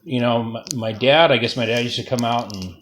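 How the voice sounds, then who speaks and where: A man interviewing relatives about his family history, casual and halting, with many fillers and restarts. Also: mid-range voice, a bit bright, roomy sound, slight background noise.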